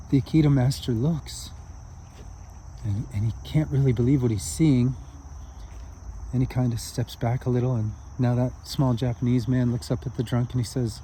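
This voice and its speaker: A man's voice: medium pitch, steady tone, moderate pace, mellow, a little hiss or hum. Earnest man telling a spiritual story. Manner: earnest, heartfelt.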